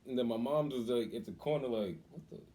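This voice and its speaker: A man casually telling a story on his vlog, animated and acting out the voices of people in it. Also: mid-range voice, brisk. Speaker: cooking vlogger.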